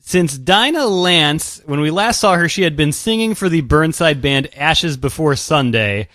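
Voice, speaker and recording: A man's voice: fairly high pitch, expressive, measured pace, bright, forceful tone, no echo. A man co-hosting a podcast, introducing comics with dry, wry asides. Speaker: podcast co-host. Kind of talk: casual podcast chat.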